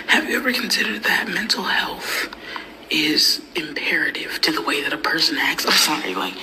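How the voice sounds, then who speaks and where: Low-voiced woman venting in half-whispers. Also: gravelly, rough recording. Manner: profane, half-whispered venting with bursts of loud mocking quotes. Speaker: comedian and internet personality. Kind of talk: casual confessional rant.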